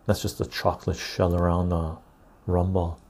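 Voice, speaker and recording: A man's voice: deep voice, steady tone, normal speed, creaky, a little mellow, slight background noise. A man hosting a live stream, chatting loosely with viewers and reading their comments aloud. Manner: loose and chatty, reads the chat aloud, says "right?" often.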